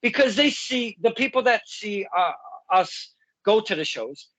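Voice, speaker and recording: A man hosts a casual podcast and tells a story, his pitch jumping around a lot as he pauses to find the right words. The voice is recorded close and dry. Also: lively intonation, fairly bright tone, no room sound, rough recording. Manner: storytelling, halting and searching for words. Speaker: podcast host.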